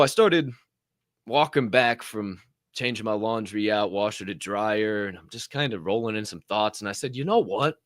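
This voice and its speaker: Co-hosting a podcast, a young man delivers an animated, profane motivational monologue that swings between loud outbursts and low muttered asides. The sound is clean studio audio without echo.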